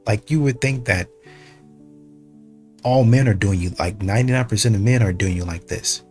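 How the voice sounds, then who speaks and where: A man hosting a reaction channel, commenting on clips in a measured, argumentative way. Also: on the low side, faint music behind.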